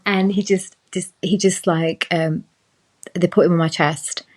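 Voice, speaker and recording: A woman's voice: fairly low pitch, steady tone, a little slow, crowd noise. A young woman in casual chat as a podcast guest, telling a personal story and acting out the voices of the people in it. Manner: chatty storytelling, acts out quoted voices.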